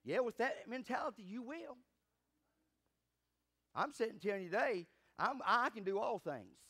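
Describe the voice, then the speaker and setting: A pastor preaching to his congregation, his voice high and bright. He presses his points with fervent emphasis and builds to loud peaks. He keeps asking the room for an amen. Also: lively intonation, moderate pace, breathy edge. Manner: calls for congregation responses. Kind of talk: sermon.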